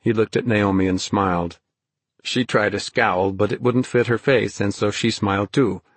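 Male audiobook narrator, husky, low, steady telling, dry booth sound. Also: normal speed, dry recording. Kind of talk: scripted narration.

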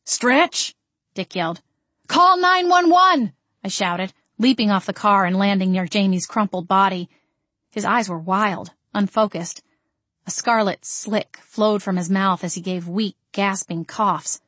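A woman reads a first-person audiobook in a steady, expressive storytelling voice. Her pitch sits in the middle range. The recording is dry and close, with no room sound. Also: measured pace, no room sound. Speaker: audiobook narrator.

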